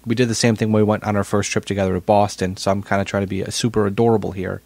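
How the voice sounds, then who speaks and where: Fast-talking man, rambling podcast chat. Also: lowish voice, flat delivery, creaky, a little mellow, no room sound. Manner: rambling, repeats words while telling a story. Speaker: podcast co-host. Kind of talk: casual chat.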